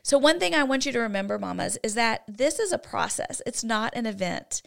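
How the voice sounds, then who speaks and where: A woman's voice: a little high, fairly quick, vocal fry. A woman co-hosting a Christian parenting talk show, explaining her approach in an earnest, teaching manner. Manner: earnest and teaching, with lively shifts in volume. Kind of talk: faith-based parenting talk.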